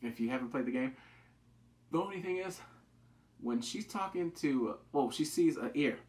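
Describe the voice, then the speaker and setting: A man giving a loose, excitable episode review. His pitch swings widely as he acts out the lines he quotes, and he swears freely. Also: moderate pace. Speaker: TV show reviewer.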